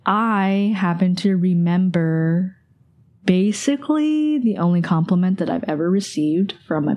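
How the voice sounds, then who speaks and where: With a lowish, warm voice, this twenty-something woman rambles casually through a personal memory on her podcast. She leans heavily on the word "like."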